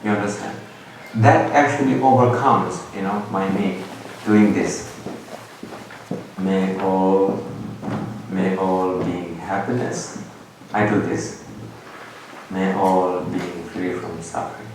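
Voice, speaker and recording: A middle-aged man giving a public meditation talk in halting English, playful and quick to laugh. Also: low-pitched, steady tone, background noise. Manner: slow, playful, laughs often, halting non-native English. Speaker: meditation teacher. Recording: echoey hall, distant mic, background ambience.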